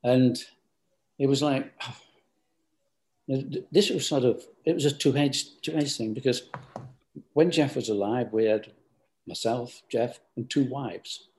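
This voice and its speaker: A man's voice: medium pitch, slow, long pauses, darkish tone. An older man, a business founder, giving rambling, hesitant interview answers full of restarts.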